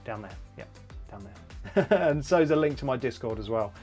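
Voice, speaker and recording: A man's voice: mid-range voice, lively intonation, moderate pace, darkish tone, husky, soft background music. A man hosting a casual gear review vlog who rambles along with plenty of fillers and restarts. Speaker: tech reviewer.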